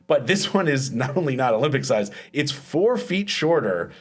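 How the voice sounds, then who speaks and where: A man's voice: mid-range voice, sing-song, normal speed. A man hosting a comedy panel quiz, chatty and rambling, laughing through his lines. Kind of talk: casual comedic panel chat.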